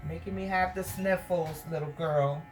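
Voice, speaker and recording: A woman with a low voice talks casually while grooming her dog. She coaxes and fusses at her pet and explains each step. The room is echoey, with music and a buzzing clipper behind. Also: fairly even intonation, moderate pace. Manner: chatty, coaxing and fussing at her dog. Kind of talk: casual grooming commentary and instructions.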